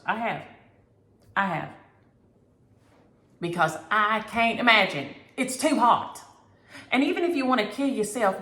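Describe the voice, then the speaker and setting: Woman, vlog host, lowish voice, animated storyteller, echoey room. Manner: animated, exasperated storytelling with Southern turns of phrase. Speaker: flosstube host.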